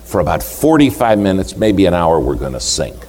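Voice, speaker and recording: A man's voice: low voice, very animated, fairly quick, a little mellow. A man in a sermon voicing a frank, teasing church woman who talks in a folksy way. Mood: matter-of-fact. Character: blunt friendly older church woman, woman.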